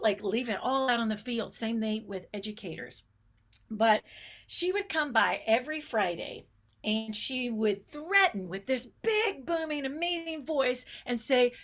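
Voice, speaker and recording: A woman's voice: high-pitched, fairly bright tone. A middle-aged woman giving a conference keynote, telling stories with enthusiasm and changing pace often. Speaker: keynote speaker, space educator. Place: conference stage.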